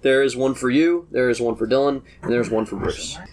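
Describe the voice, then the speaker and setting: A man narrating as game master for a tabletop game, relaxed and chuckling. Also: medium pitch, a little fast, a little hiss or hum.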